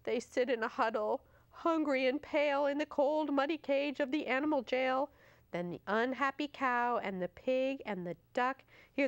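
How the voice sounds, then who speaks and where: A woman librarian reads a rhyming picture book to young children at a slow, deliberate pace. Her voice sits a little high and lilts in a gentle sing-song. The recording is close and dry. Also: clear, resonant tone, no room sound, muffled recording. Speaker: children's librarian, storytime host.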